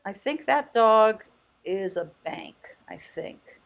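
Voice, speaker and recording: A woman's voice: medium pitch, animated, slow. A chatty woman thrift vlogger with a mid-range voice, talking in a casual, off-the-cuff way. She muses aloud, exclaims with delight and laughs easily as she goes along. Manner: muses aloud, thinking out loud. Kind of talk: casual vlog commentary.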